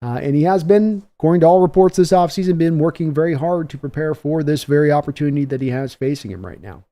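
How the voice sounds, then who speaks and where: A man with a warm, slightly high voice talks fast while hosting a live stream. He gives casual play-by-play commentary and chats with viewers between plays.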